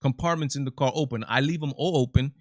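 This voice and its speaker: A man hosts his own live commentary stream. His voice sits at a middle pitch and he talks emphatically, often stumbling over repeated words before pressing on. The sound is dry and close. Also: quick pace, no room sound. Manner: emphatic, repetitive restarts. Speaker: show host.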